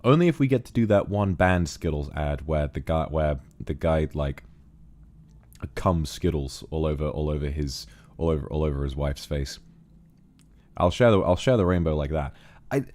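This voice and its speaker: A man's voice: deep voice, animated, normal speed, a little mellow. A man chatting casually on a livestream, reading viewer donations and calling them darling. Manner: affectionate, calls viewers darling.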